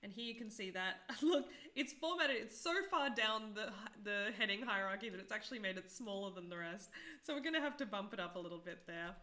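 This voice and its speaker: A woman's voice: medium pitch, fast, pushed and bright. A woman in her thirties teaching a live-streamed coding tutorial, chatty and self-deprecating, often asking viewers questions.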